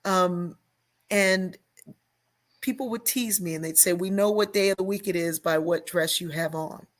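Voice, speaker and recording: A woman's voice: on the low side, moderate pace. An older woman, a guest on an interview show, telling a personal story at length and acting out the voices she remembers. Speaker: guest, sociologist and author.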